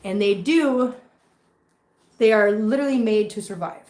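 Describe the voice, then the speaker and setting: A woman vlogging at home with her cats, switching between soft baby talk to kittens and chatty asides to viewers. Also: medium pitch, a little slow, echoey room, low-quality recording. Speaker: cat channel vlogger. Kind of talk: casual vlog chat.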